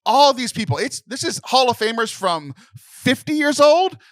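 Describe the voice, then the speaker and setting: A man's voice: very high voice, big pitch swings, normal speed, fairly bright tone, no echo. A young man co-hosting a podcast in casual chat, emotional and close to tears, rambling with many restarts. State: tearful. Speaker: podcast co-host.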